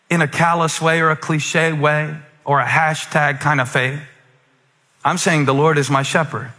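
Man, preacher, sermon, bright forceful voice, fairly high, passionate swings from loud to hushed, long hall reverb. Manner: impassioned, rising to near-shouts and dropping to hushed asides. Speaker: pastor.

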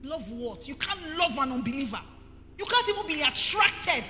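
A middle-aged Nigerian woman pastor preaching a sermon emphatically, building to forceful peaks. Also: sits high, sing-song, moderate pace. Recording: reverberant hall with faint music.

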